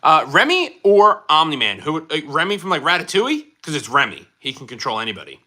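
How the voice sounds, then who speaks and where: A man's voice: a little high, very animated, fairly quick, pushed and bright. A young man hosting a casual livestream, reading out viewer comments and rambling with lots of fillers and restarts. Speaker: livestream host. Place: indoor room under bright lighting.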